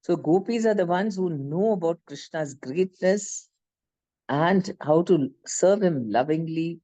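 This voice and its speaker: This speaker addresses a class in Indian English, recounting a story from scripture energetically and often stopping to fix what they've just said. Their voice is mid-range and their pace is unhurried.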